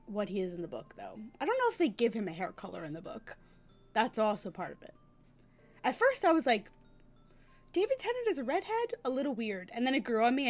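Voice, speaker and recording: A young woman streamer chatting playfully while she plays a story game. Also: a little high. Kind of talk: casual gameplay commentary. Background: faint game music.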